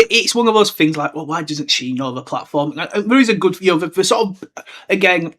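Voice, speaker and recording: A young man hosting a casual podcast, rambling through a book chapter and slipping into quick character voices. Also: sits high, expressive, fairly bright tone. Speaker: podcast host.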